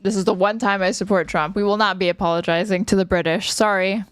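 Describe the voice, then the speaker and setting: A woman's voice: medium pitch, steady tone, music in the background. A woman streaming live, commenting on news clips in a sarcastic, profane, offhand way. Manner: sarcastic, profane, quick asides.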